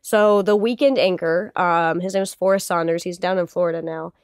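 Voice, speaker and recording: A young woman in her twenties with an American accent, a guest telling an animated story in a casual interview. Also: a little fast, clean tone, dry recording, clean studio sound. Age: 20s. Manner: animated, rising pitch in quoted speech.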